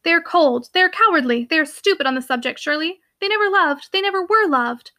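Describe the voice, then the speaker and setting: A woman reading an earnest, gentle young woman. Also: very high-pitched, expressive, a little fast, voice pushed up, exaggerated voice. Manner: earnest and heartfelt. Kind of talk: audiobook character reading.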